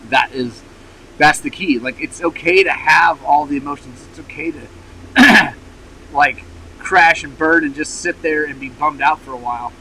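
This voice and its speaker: A man hosting a motorcycle channel in casual rambling vlog chat, frank and frustrated, with lots of fillers and throat clearing, recovering from an injury. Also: fairly high pitch, moderate pace, sharp tone, slight background noise, low-quality recording. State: recovering from injury, wearing a brace.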